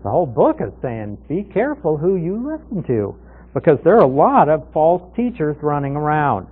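A man's voice: a little high, sing-song, moderate pace, breathy edge. Man teaching scripture over a tinny line. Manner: conversational, poses questions and answers them himself. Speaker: Bible teacher. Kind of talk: expository Bible teaching. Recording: tinny phone-like radio broadcast.

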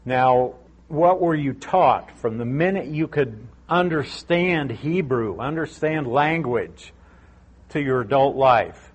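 Man, middle-aged, Bible teacher, conversational, repeats points for emphasis, mid-pitched voice. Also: lively intonation, slow pace, slightly rough.

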